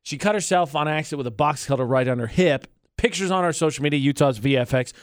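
Radio host guy, kinda high voice, laughs a lot, dry booth sound. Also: fast, no room sound. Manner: chatty, laughs often, squeamish. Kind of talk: casual radio banter.

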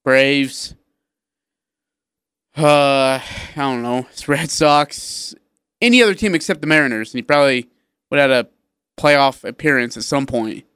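A man's voice: mid-range voice, a little slow, pauses often, a bit bright, clean tone, no room sound. A man in a radio studio talking sports in joking, offhand banter. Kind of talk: casual sports talk radio.

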